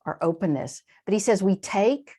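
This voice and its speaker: A woman being interviewed on a remote call, talking in an animated, earnest way with frequent restarts and small laughs. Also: medium pitch, normal speed. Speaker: interview guest, translator and poet. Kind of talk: reflective conversational interview.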